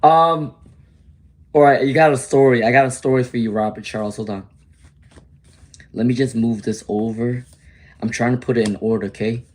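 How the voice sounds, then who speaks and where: A man's voice: mid-range voice, fairly even intonation, fairly quick, a little mellow. Male tarot streamer, casual and chatty, reads for viewers live, mid-range voice. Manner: chatty, answers viewers by name, mutters while searching.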